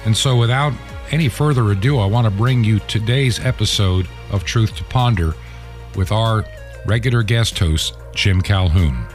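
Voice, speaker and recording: Low-voiced man hosting a radio talk show. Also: moderate pace, soft background music.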